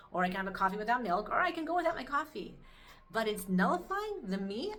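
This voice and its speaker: A woman giving an inspirational Torah talk, telling a personal story in an animated, expressive way. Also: mid-range voice. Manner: animated storytelling, rising to excited peaks. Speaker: Torah teacher.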